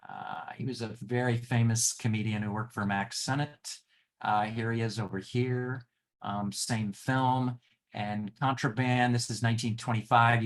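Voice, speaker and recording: A man in a mid range voice talks through his collection on a video call. His delivery is loose and halting, full of ums and uhs. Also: mid-range voice. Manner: loose and halting, with many fillers. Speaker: show-and-tell presenter. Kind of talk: casual presentation on a video call.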